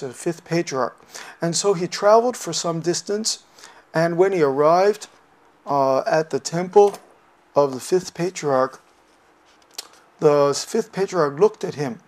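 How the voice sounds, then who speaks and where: Man, Buddhist teacher, lecture, hesitant with fillers, animated storytelling, fairly high voice, gravelly. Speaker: dharma teacher.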